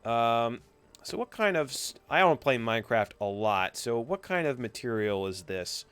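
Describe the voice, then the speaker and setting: A man's voice: mid-range voice, lively intonation, moderate pace, a bit bright, clear, resonant tone. A young man giving a screen-recorded tutorial, narrating each click with chatty, playful asides. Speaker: coding instructor.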